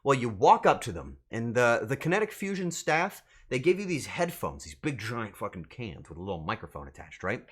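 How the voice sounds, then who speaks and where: A man's voice: mid-range voice, big pitch swings, a little fast, hardly any pauses, a bit bright, breathy edge. A man streaming as a VTuber, telling a rambling story straight to his chat and swearing freely. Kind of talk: casual storytelling to live chat.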